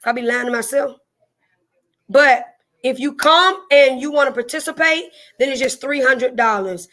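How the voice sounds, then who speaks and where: A woman's voice: sits high, normal speed, pushed and bright. A woman with a Southern drawl hosting a casual live stream, chatting folksily with viewers, repeating herself and greeting them by name.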